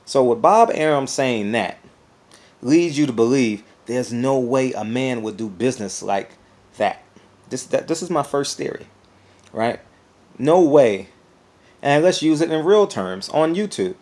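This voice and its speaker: A man giving a casual opinion vlog as a YouTube commentator, animated and rambling, often repeating words as he goes. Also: medium pitch, measured pace.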